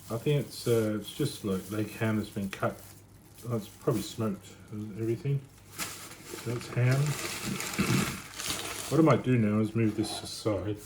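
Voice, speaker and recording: A man chatting casually while cooking in his home kitchen, rambling and thinking out loud. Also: medium pitch. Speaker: home cook vlogger. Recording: noisy home recording.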